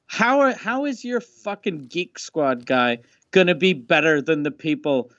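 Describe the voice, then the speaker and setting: A man chats on a casual comedy podcast, stumbling over his words with many "uh"s and some exasperated swearing. His voice sits a little high for a man. The sound is dull and dry, with the top end cut off. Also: animated, measured pace, fairly bright tone, dry recording. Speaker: podcast co-host.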